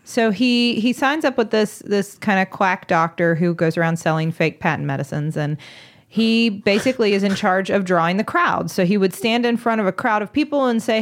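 A woman's voice: mid-range voice, expressive, normal speed. Brief: woman podcast host, casual storyteller, giggles often, chatty and amused.

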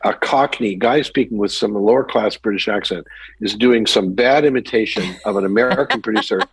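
An older male actor telling stories as a guest on a podcast interview, lively as he recounts anecdotes. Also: lowish voice, fairly quick, slightly rough, dry recording, low-quality recording. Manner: animated anecdote teller, mimics voices in quotes.

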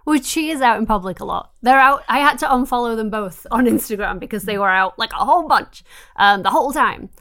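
A woman's voice: on the high side, expressive, brisk, sharp tone. A woman co-hosting a wrestling chat podcast, talking in an emphatic, incredulous way. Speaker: podcast co-host. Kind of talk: casual chat.

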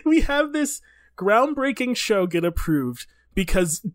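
A man's voice: high voice, big pitch swings, dry recording. Laughing man on a comedy podcast. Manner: joking, laughs often, acts out quick voices. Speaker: podcast co-host. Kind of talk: casual comedic chat.

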